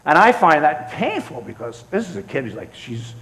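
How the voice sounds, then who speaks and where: Speaking at a normal speed in a somewhat high voice, a man fields audience questions at a synagogue award event. He tells stories conversationally, restarting often and acting out quotes with animation. The hall is reverberant.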